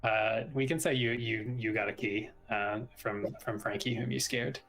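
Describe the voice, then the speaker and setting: A man acting as game master, narrating the scene in a relaxed way with some hesitations. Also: on the low side, moderate pace, gravelly, low-quality recording.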